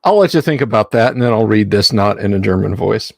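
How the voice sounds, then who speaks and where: A man's voice: on the low side, lively intonation, fast talker, creaky, no echo. A man hosting a live stream, reading a game rulebook aloud and breaking off for wry, joking asides to his chat. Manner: wry, digressive, answers chat with jokes. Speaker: livestream host.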